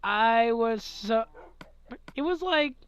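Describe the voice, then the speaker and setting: A man's voice: extremely high pitch, animated, takes it slowly, fairly bright tone, a little hiss or hum, poor audio. A man in his twenties chatting casually late at night, sleepy and yawning, rambling with chuckles and trailing thoughts. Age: 20s. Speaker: gaming channel host answering questions.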